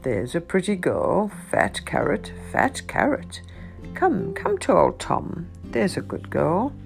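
A woman voicing a gentle old male farmer who croons and coaxes his cow in a storybook reading. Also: lowish voice, wildly swooping pitch, measured pace, gravelly, faint music behind, heavily acted. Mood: coaxing. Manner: crooning, coaxing.

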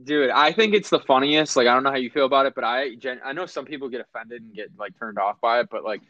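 A young man hosts a podcast in a loose, profane, laughing way. His voice sits at an ordinary pitch. The sound is dry and a little dull. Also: fast talker, pushed and bright, dry recording. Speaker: podcast host. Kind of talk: casual chat.

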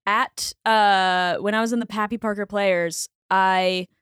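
A woman's voice: medium pitch, steady tone, unhurried, fairly bright tone, clean tone, no room sound, studio quality. A young woman from Boston, a comedian guest on a podcast, talking in a chatty, frank way with lots of fillers and swearing. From Boston, USA. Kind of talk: casual chat.

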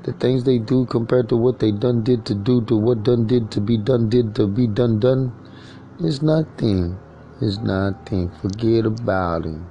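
A man's voice: mid-range voice, moderate pace, highs cut off, over music. A man delivering a rambling comic monologue, jokey and drifting into sing-song chants.

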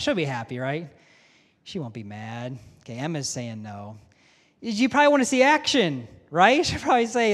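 In a large chapel or auditorium with a balcony, a school's headmaster gives students a conversational chapel talk, joking and asking them questions. His voice sits high and sing-song at a fairly quick pace, with long hall reverb.

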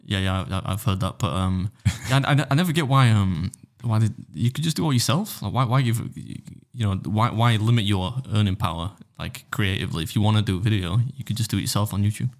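A man's voice: on the low side, fairly quick, few pauses. A young man co-hosting a podcast in casual chat, joking and making self-mocking asides. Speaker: podcast co-host.

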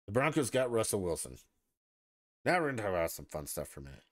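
Male podcast host, lowish voice, swings a lot in pitch, dry close sound, profane and sarcastic. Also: sing-song, fast talker, no room sound. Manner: profane and combative, heavy swearing; sarcastic, mocks opponents with put-on voices. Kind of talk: casual political rant.

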